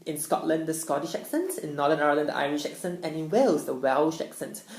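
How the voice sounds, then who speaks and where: A young woman with a low voice gives an upbeat student presentation, explaining things clearly. Her voice carries a noticeable room echo. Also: lively intonation, fast, a little mellow. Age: young adult. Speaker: international student. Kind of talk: presentation talk. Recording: echoey room.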